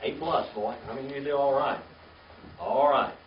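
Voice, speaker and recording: An older man teaching a classroom Hebrew reading lesson, patient and slow, spelling words out letter by letter. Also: mid-range voice, steady tone, crowd noise. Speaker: Bible language teacher. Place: classroom with a small group. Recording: echoey, distant, dull lo-fi room recording.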